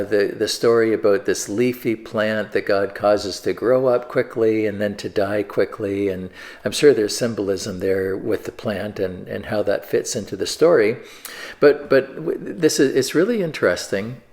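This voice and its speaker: A man's voice: on the low side, darkish tone. A man giving a conversational sermon, reading scripture aloud and explaining it, with frequent fillers and restarts.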